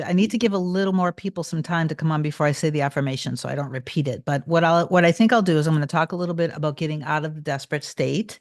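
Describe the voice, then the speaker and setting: Low-voiced, tired woman host, chatty livestream talk, dry close sound. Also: no echo. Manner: chatty, greets viewers by name, repeats phrases. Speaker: manifestation coach hosting a livestream. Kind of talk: casual livestream chat.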